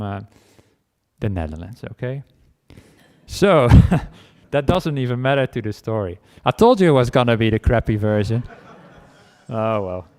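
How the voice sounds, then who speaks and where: A Buddhist monk with a mid-range, slightly mellow, clean-toned voice gives a humorous dharma talk. He spins a made-up story playfully and at his own expense, acting out barking and chases.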